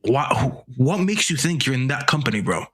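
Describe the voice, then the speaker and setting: A man in casual football chat, mocking rival fans in an animated, sweary way. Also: mid-range voice, normal speed, breathy edge.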